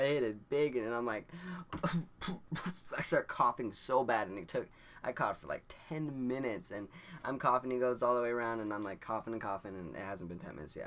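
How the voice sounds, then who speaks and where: Young guy vlogging, kinda low voice, rambling story full of "like", chuckling a lot. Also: slight background noise. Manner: rambling and excitable, heavy use of "like", frequent chuckles. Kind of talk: casual storytelling to camera.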